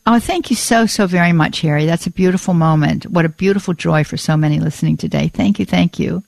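A woman hosting a call-in radio show, effusive and warm with praise, often repeating her words, on a studio mic. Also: on the low side, fast, vocal fry. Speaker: radio talk show host.

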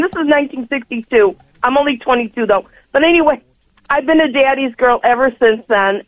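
A woman's voice: on the high side, no echo. An older woman calls in to a radio show over a tinny phone line. She talks effusively in long, rambling stretches and laughs as she goes. Her voice comes through dry and narrow. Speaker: caller. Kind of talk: call-in radio chat.

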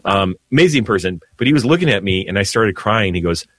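A man, a priest, telling heartfelt stories in an animated way on a radio talk show. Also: lowish voice, quick pace, no room sound. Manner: emotional, animated storyteller with laughs. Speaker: priest guest. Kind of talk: storytelling radio conversation.

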